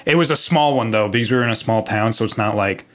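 As a podcast guest, a young man tells a spooky story in a lowish voice at a quick pace. The casual telling rambles, with profanity, plenty of fillers, and frequent restarts.

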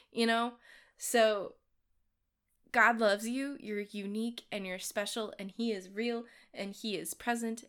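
On her devotional podcast, the host talks earnestly and encouragingly, dropping in casual fillers. Her pitch is medium and her tone a bit bright.

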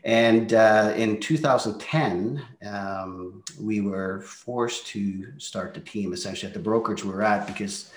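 A man's voice: on the low side, a little slow, few pauses. A man who leads a real estate team, telling his story in a candid, reflective way during a casual interview. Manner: candid, reflective, drops into quoted asides. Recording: roomy echo.

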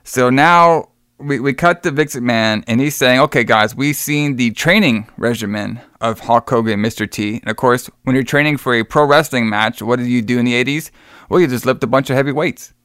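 A man's voice: medium pitch, brisk, fairly bright tone, clean tone, dry recording, clean studio sound. A man hosting a podcast, retelling a show in a rambling, laughing, swearing chat. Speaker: podcast host.

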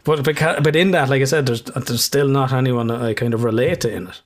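A man's voice: mid-range voice, fairly quick. A man in casual chat, telling stories with a lot of swearing and laughter. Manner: sweary, storytelling, laughs often.

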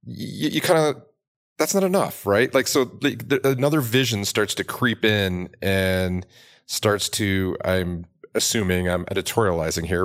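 A man hosting an interview, asking long questions in a halting way with many restarts. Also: lowish voice. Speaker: podcast host. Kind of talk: conversational interviewing.

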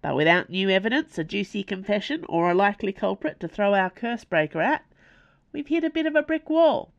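A woman reading aloud voices a gruff, sheepish police sergeant who talks in plain colloquial phrases. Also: mid-range voice, expressive, brisk, no room sound, lo-fi sound, pitched above the performer's own voice. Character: gruff, sheepish, bashful working-class police sergeant, man. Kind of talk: audiobook character voice.

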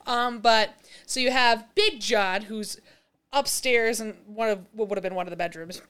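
A woman's voice: moderate pace, clear, resonant tone. A woman co-hosting a podcast, casually recapping a horror film, swearing and laughing as she jumps into squealing character voices. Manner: animated, acts out characters with high squeals, swears, laughs often. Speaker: podcast co-host. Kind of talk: casual movie recap chat.

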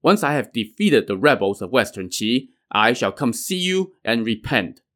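A man's voice: medium pitch, big pitch swings, moderate pace, fairly bright tone. A man voicing a young male prince who pleads respectfully but firmly with his master. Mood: stern.

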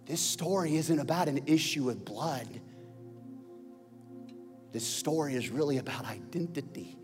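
A male pastor preaches in a somewhat high voice, swinging from loud calls to the crowd to hushed intensity. The large church hall adds a long reverb, and soft music sits faintly behind him. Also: expressive, unhurried. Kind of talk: sermon.

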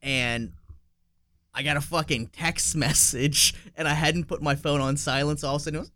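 A man telling stories in a casual chat, animated, laughing often and swearing. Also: a little high, a little hiss or hum. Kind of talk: casual storytelling.

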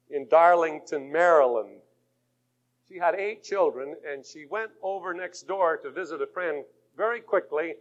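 A man preaching a sermon, swinging between fervent shouts and hushed, intimate passages. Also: high-pitched. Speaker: pastor. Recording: muffled lo-fi 1980s tape.

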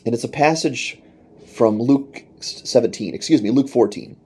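A man's voice: medium pitch, moderate pace, a little mellow, slightly rough. A man preaching a sermon in an earnest manner, reading scripture and voicing quoted speech with rising intensity. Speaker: pastor.

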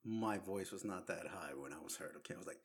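A man's voice: deep voice, fast. Teasing man in casual chat. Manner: dry teasing, laughs often.

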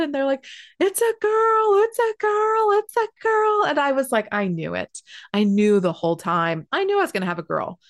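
A woman's voice: lowish voice, dry recording, clean studio sound. A young woman hosting a podcast, telling a personal story in a casual, emotional way with many fillers and restarts.

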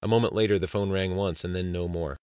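Deep-voiced man narrating a thriller. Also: steady tone, quick pace, a little mellow, smooth, no room sound, clean studio sound. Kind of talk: scripted audiobook narration.

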